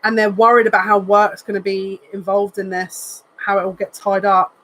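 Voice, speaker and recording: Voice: mid-range voice, flat delivery, moderate pace, a bit bright, poor audio. A psychic reader giving a live tarot card reading in an earnest, emotional way, repeating phrases and thinking aloud as they turn the cards. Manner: emotional, says they are near tears.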